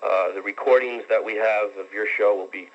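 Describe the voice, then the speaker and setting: A man in his twenties calling in to a talk radio show, earnest and rambling, with many halting fillers. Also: on the low side, steady tone. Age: 20s. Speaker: caller. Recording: dull lo-fi radio broadcast.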